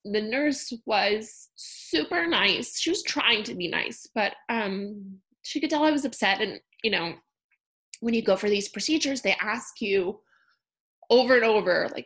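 A woman in her thirties telling a personal story in a candid, conversational way, with fillers and soft laughs. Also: medium pitch, normal speed. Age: 30s. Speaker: storyteller sharing a personal loss.

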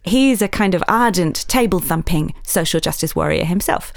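A woman author with a somewhat low voice speaks in a conversational interview. She is earnest and lively and tosses in self-mocking asides. The recording is close and dry, with no room sound. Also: normal speed, creaky, dry recording. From Yorkshire, England. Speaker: author and journalist, interview guest.

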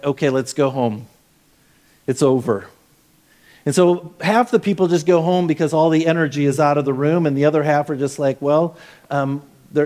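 A man preaching a sermon as pastor, telling the story in a conversational way that swings between quiet passages and loud, emphatic ones. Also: mid-range voice. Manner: conversational with fillers and restarts.

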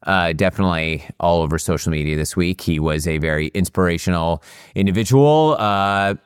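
A man's voice: low voice, fairly quick, clear, resonant tone, no room sound, studio quality. A man co-hosting a podcast, upbeat and chatty with plenty of fillers. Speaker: podcast co-host. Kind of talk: casual podcast chat.

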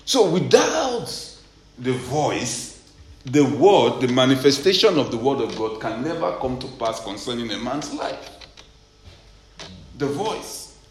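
A male preacher delivering a sermon, starting low and soft over scripture and climbing into loud, insistent preaching punctuated by amens. His voice sits at a middling pitch for a man. The recording rings in an echoey room with a faint ambient hum underneath. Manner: builds from low, quiet reading to loud, rising preaching with repeated amens.

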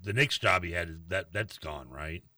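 A man's voice: low-pitched, unhurried, sharp tone, dry recording, recorded from a distance. A man co-hosting a casual sports radio show, complaining with sarcastic exasperation.

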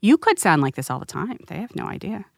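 A woman co-hosting a casual radio talk show in a studio, chatty and animated as she tells stories. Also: on the low side, quick pace, gravelly, dry recording. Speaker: radio co-host and rescue director. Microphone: studio microphone.

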